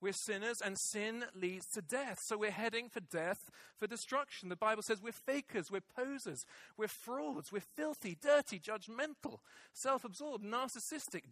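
A man's voice: high-pitched, expressive, normal speed, a bit bright, no room sound. A middle-aged male pastor preaching a sermon, emphatic and repeating key phrases for weight. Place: church hall with congregation.

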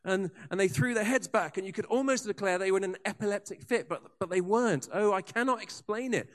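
Man, preacher, sermon, high-pitched, animated storytelling, casual asides. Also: fast.

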